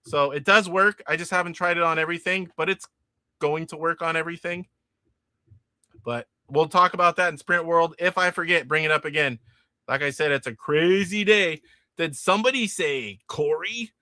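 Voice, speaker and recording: A Californian man with a high, bright voice runs a livestream, casually chatting and rambling as he reads viewer comments aloud. He often restarts sentences and laughs easily, at a moderate pace. The recording is close and dry with no echo.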